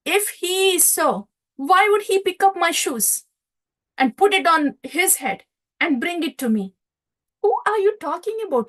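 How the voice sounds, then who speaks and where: A woman voicing an older fatherly cowherd chief who fires off incredulous, pleading questions, her voice high and lively.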